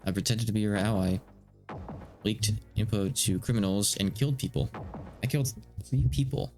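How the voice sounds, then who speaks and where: A desperate detective haunted by the people he killed, read by a man translating a game live, in a low, gravelly voice. He stammers and halts through his words. Faint music runs underneath. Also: fairly even intonation, darkish tone, close to an everyday voice. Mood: despairing. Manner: halting, stammering confession. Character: guilt-ridden male detective turned killer, desperate.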